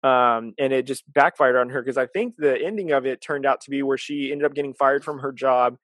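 A man in an easygoing conversation, explaining events earnestly with frequent fillers. His pitch is medium. The recording is dry and close. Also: fairly quick, fairly bright tone, no room sound. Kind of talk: casual chat.

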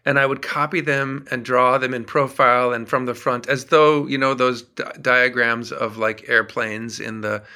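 A middle-aged songwriter from Minnesota, chatting as an interview guest and telling animated stories. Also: male voice, medium pitch, moderate pace, few pauses, clean tone. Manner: animated storyteller, acts out quotes. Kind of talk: casual interview chat.

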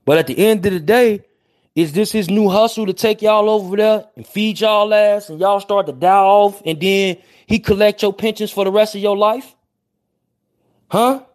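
Brief: high-pitched male streamer, heated and slangy, hammering rhetorical questions. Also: moderate pace. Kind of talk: heated casual commentary.

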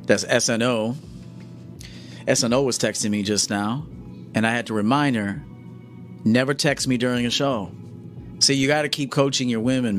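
A man's voice: fairly low pitch, fairly bright tone. A man coaching his audience in a live-stream monologue, blunt and confrontational, often checking "okay?". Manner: blunt, lecturing, confrontational, keeps asking "okay?".

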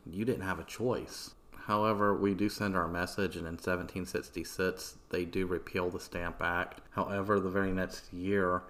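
A man's voice: low-pitched, fairly bright tone. A man hosting a history podcast, retelling events in a loose, profane, conversational way. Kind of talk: casual history narration.

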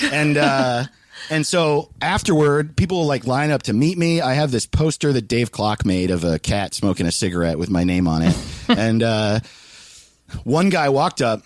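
A comedian from Los Angeles tells a story in casual chat, recounting it animatedly, laughing often and swearing freely. His voice is fairly high, and there's no echo.

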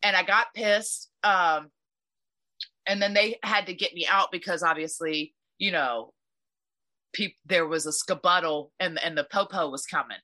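A woman in casual chat, telling a fight story in an animated, profane way. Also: fairly low pitch, a little slow.

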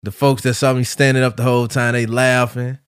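A man hosting a podcast, telling a travel story in a casual, animated way, swearing freely and acting out what people said. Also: mid-range voice, a little fast, smooth, no room sound, studio quality. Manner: profane, animated, quotes people in his story. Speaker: podcast host.

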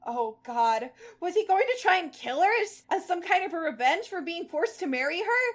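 A woman with a high voice co-hosts a podcast, reading a fan-fiction story aloud and breaking off to chat. She is animated and blunt, swearing casually as she goes. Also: moderate pace. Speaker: podcast co-host.

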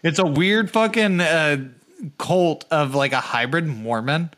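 A man with a bright, forceful voice sits high in his range, trading profane jokes in a loose podcast chat. He rambles and swears his way through his points. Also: a little slow. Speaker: podcast co-host. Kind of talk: casual chat.

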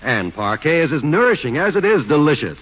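A man announcing on a 1940s radio show, with brisk, smooth sales patter. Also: fairly high pitch, very animated. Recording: dull 1940s radio recording with music.

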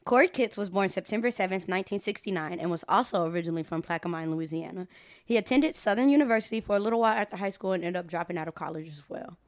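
A woman's voice: medium pitch, racing, no echo, clean studio sound. A woman co-hosting a casual true-crime podcast, telling the story in a laid-back way with slang. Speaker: podcast co-host.

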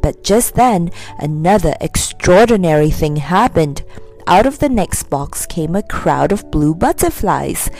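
A woman narrating a children's storybook in an expressive, animated reading. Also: fairly low pitch, measured pace, faint music behind. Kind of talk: scripted narration.

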